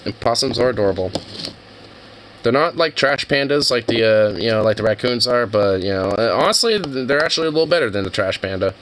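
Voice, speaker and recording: A young man reacting to videos chats casually, swearing and rambling with lots of fillers. His medium-pitched voice is expressive, fairly quick and a bit bright, with poor audio and slight background noise.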